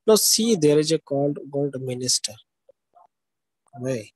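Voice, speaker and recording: A man's voice: a little high, animated, measured pace, darkish tone, no room sound, low-quality recording. A man giving a live online literature lecture, checking in often with "okay" and "isn't that".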